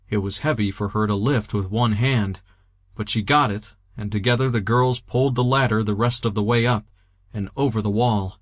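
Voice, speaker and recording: Guy reading an audiobook, steady even narration, dry close mic. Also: medium pitch, no room sound. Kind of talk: scripted narration.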